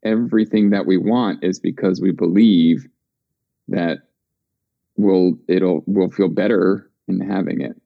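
A man's voice: low voice, steady tone, a little slow, creaky, no echo, narrow, tinny audio. A man guiding a group call in an earnest way, repeating words for emphasis. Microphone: video call.

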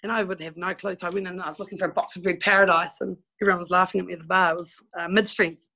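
A woman's voice: fairly low pitch, steady tone, very fast, pushed and bright, poor audio. A woman from New Zealand with a New Zealand accent, frankly telling stories from her past in a casual interview. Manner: chatty and frank, with mild swearing and laughing asides. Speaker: guest telling life stories.

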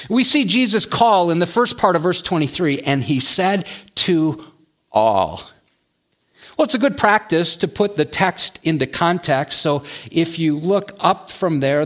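Man preaching, slightly high voice. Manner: expressive preaching, drops low and quiet on key words. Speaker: pastor. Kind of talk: sermon.

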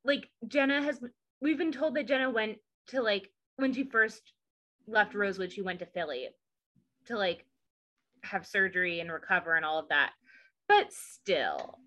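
A woman with a Southern accent co-hosting a casual recap podcast, sarcastic and animated, slipping into impressions. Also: medium pitch, moderate pace. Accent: Southern American. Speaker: podcast co-host.

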